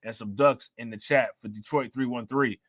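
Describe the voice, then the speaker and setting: A man hosting a casual crypto livestream, chatting in relaxed slang, laughing often and thanking viewers for their comments. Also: medium pitch, moderate pace, no echo, studio quality. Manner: laid-back slangy talk with frequent laughs. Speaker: crypto channel host.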